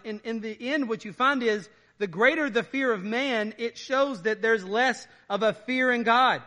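A pastor preaches in a church, his voice pitched high and ringing bright and forceful. He reads the verses aloud, then breaks them down in plain, everyday talk. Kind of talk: sermon with scripture reading.

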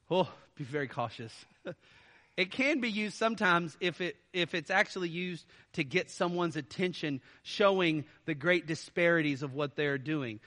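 A man preaching a sermon as pastor, animated and quick with sarcastic asides and laughter. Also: a little high. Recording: church hall reverb.

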